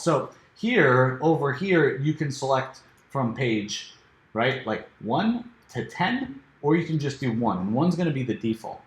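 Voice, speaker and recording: A man giving a casual screen-share software walkthrough, full of fillers and restarts, saying he is losing his voice. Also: medium pitch, expressive, unhurried. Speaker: software reviewer. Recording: echoey room.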